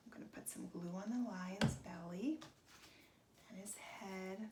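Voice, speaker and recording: A woman teaching a children's craft, talking gently and in a sing-song way as if to young children. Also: medium pitch, fairly even intonation, a little slow, echoey room, slight background noise.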